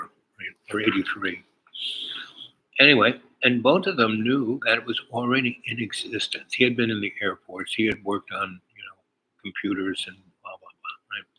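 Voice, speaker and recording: A man's voice: lowish voice, normal speed, long pauses, bright, forceful tone, breathy edge, low-quality recording. An older man telling a meandering personal story, full of fillers and asides. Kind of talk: rambling personal anecdote.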